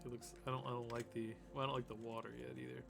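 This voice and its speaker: A man's voice: medium pitch, little pitch movement, racing, vocal fry, over music. A man hosting a casual live stream, rambling with lots of fillers and restarts. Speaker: host.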